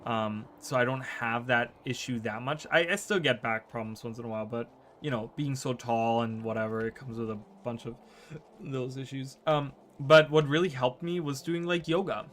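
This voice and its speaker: A man's voice: medium pitch, fairly even intonation, normal speed, fairly bright tone, a little hiss or hum. Rambling man chatting on stream. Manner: rambling, filler-heavy, often asks "right?". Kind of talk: casual chat to stream viewers. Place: home streaming room.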